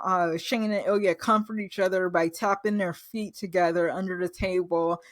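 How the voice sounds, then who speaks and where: Woman host, lowish voice, dry close sound, chatty gushing recap with acted-out quotes. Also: fairly bright tone, no room sound. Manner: gushing, loses her words, acts out quoted lines. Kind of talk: casual recap review.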